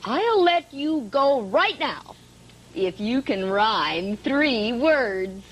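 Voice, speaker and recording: A woman speaking gently and thoughtfully in a children's record dialogue. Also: fairly high pitch, big pitch swings, very slow, heavily acted. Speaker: story companion.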